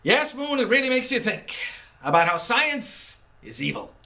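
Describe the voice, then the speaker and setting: An actor playing a cocky, pompous big-city detective hero in the style of a 1940s radio serial. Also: male voice, extremely high pitch, big pitch swings, moderate pace, bright, forceful tone, exaggerated voice. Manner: pompous, self-assured, earnest proclamations. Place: stage.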